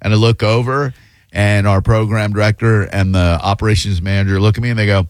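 A fill-in talk radio host in his fifties speaks in a fairly low voice. He drifts through casual, self-mocking anecdotes, leaning on fillers and restarts. The studio sound is close and dry. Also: steady tone, fairly quick, no echo. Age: 50s. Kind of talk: casual radio chat and storytelling. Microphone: studio broadcast mic.

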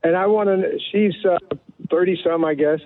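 A man's voice: high voice, fairly even intonation, moderate pace. A man in his seventies calling in to a radio show, hesitant and fumbling for words. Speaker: caller. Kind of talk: phone-in call. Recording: faint distant phone line.

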